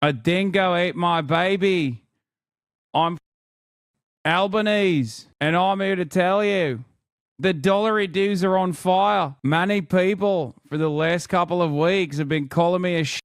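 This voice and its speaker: A mock blokey politician in a put-on Australian accent, as a man sends him up, leaning on every "mate" and "yeah" with absurd matey charm. The voice sits a little high. It sounds dry and close to the mic. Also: smooth, no echo. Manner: mocking, drawn-out "mate" and "yeah".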